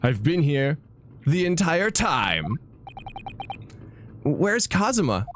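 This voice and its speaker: A man's voice: a little high, sing-song, slow, slight background noise, pitched above the performer's own voice. A man voicing a flustered young law student. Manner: startled, stammering.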